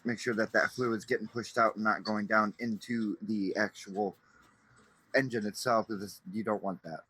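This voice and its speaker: A man's voice: on the low side, steady tone, normal speed, fairly bright tone, slightly rough, no echo, rough recording. A man giving a casual, rambling voice-over of his own engine teardown, slangy and easygoing with some mild swearing. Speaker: channel host narrating his engine teardown.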